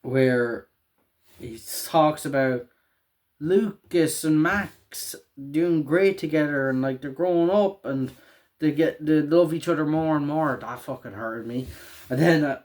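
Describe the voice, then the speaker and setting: A man's voice: on the high side, measured pace. Young man, profane and rambling. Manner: profane, rambling, excitable, laughing often. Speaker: show recap vlogger. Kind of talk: casual recap.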